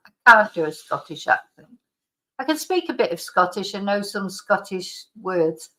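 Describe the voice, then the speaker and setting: A woman's voice: medium pitch, very animated, normal speed, bright, forceful tone. Middle-aged woman chatting on a live stream, rambly, lots of restarts, bit of a cough. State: slight lingering cough. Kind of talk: casual chat reading out viewer comments.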